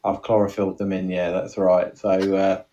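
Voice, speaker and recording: Hombre británico divagando en broma, algo lejano y apagado. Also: male voice, low-pitched, monotone, normal speed, warm tone, recorded from a distance, dull audio. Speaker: podcast co-host. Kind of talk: improvised comedy interview.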